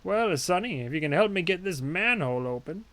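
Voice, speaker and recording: A man voicing a frail, forgetful old male widower, speaking slowly and haltingly. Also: sits high, lively intonation, fairly bright tone. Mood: wistful. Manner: slow, halting and wistful.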